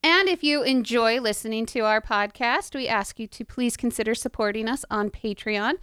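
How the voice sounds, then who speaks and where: A woman's voice: on the high side, normal speed, fairly bright tone, clean tone, no echo, clean studio sound. A woman hosting a podcast episode, upbeat and friendly as she introduces her guests. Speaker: podcast host.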